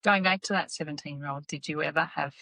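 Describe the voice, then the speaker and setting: A woman hosting a podcast interview, a former paramedic asking gentle questions with supportive replies. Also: low-pitched, quick pace, gravelly, no room sound. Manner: supportive, short encouraging replies. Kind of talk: casual interview.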